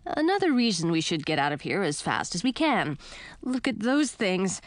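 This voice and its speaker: Storybook bat: high, lively, kind and fretful female, read by a woman, dry close sound. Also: normal speed, dry recording, close to an everyday voice. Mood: urgent. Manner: high chirpy voice.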